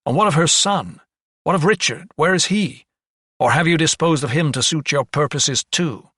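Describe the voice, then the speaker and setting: A man's voice: medium pitch, a little fast, a bit bright, dry recording, studio quality, close to an everyday voice. A man voicing a young, earnest doctor who speaks with indignation. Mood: indignant.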